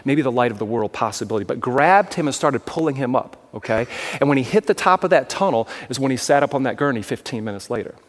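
A man's voice: mid-range voice, expressive, fast. A man giving a sermon-style talk as a traveling evangelist, telling stories and often asking the crowd if they follow. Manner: storytelling with frequent asides and checks to the crowd.

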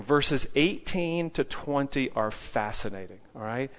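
A man's voice: mid-range voice, lively intonation, a little slow, a bit bright. A man teaching a group about street evangelism in a preaching style. He quizzes his listeners and checks in with "okay?" after almost every point.

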